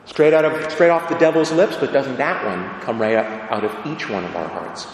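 A male preacher delivers an earnest, conversational sermon, his pitch rising and falling in lively sweeps. His voice rings through a large church with a long, echoing tail. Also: normal speed. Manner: earnest, conversational preaching with vivid acted quotes. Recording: echoey church hall.

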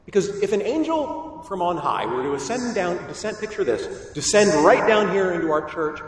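A man preaching a sermon as a priest, animated and acting out the voices he quotes. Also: sits high, normal speed. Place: large church. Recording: echoey church heard from a distance.

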